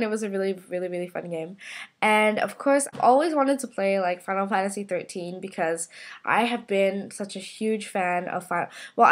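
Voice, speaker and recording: A young woman vlogging in a casual, bubbly, gushing way, full of fillers. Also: medium pitch. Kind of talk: casual chat to camera.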